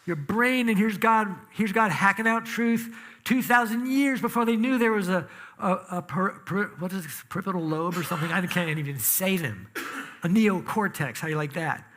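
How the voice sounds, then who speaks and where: A man's voice: sits high, normal speed, fairly bright tone. A man preaching a sermon in a church, talking conversationally and with emphasis, asking the congregation questions. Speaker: pastor. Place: church sanctuary.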